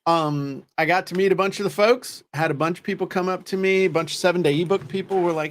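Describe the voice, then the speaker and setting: Male co-host, a little high-pitched, easygoing joker telling anecdotes. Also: fast. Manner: joking storyteller, self-deprecating. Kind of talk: casual chat.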